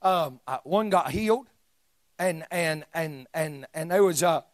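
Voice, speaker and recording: A man preaching a sermon in a church, shouting emphatic lines and dropping into joking asides. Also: on the high side, expressive, measured pace, dry recording. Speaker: pastor. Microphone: live stream mic.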